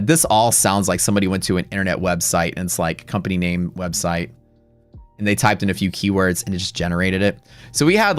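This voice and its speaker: Man, middle-aged, trading-stream host; low voice, blunt and profane, rambles, dry sound, faint music behind. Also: no echo. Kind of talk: casual storytelling while trading live.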